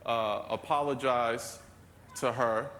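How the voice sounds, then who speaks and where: A man's voice: medium pitch, fairly even intonation, slow pace. A man hosting an awards show, joking and then introducing a guest presenter. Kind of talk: stage introduction. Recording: loud noise in a big hall.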